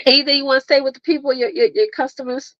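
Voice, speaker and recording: A woman hosting a casual livestream, lively and chatty, laughing often and calling listeners honey and girl. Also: high-pitched, rapid-fire, dry recording. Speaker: livestream host and marketing coach. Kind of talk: casual live chat. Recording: dull lo-fi, dry sound.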